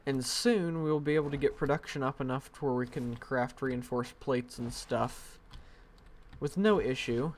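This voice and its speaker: A man's voice: mid-range voice, moderate pace, a little hiss or hum. A man streaming a game live from home on a headset mic, thinking aloud in a rambling, self-deprecating way. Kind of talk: casual live-stream commentary.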